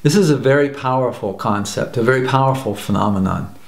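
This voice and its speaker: A personal growth teacher from the United States tells a story in an earnest talk, repeating phrases for emphasis. His medium-pitched voice is brisk and creaky, and the room adds a noticeable echo.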